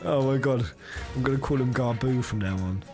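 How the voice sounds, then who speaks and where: A man's voice: mid-range voice, fairly quick, mellow. A young man streaming a game, chatting casually, teasing himself and laughing often. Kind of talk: live let's-play commentary. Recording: game music underneath.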